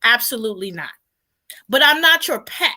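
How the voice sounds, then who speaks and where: A woman's voice: fairly high pitch, sing-song, normal speed, sharp tone. A woman appearing as a guest in a casual chat, speaking bluntly and emphatically.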